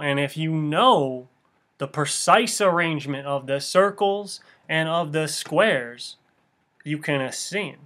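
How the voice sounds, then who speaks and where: Slow-talking man parodying a meditation teacher. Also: fairly high pitch. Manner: deadpan, slow and halting with restarts. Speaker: comedic meditation instructor. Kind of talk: improvised parody monologue.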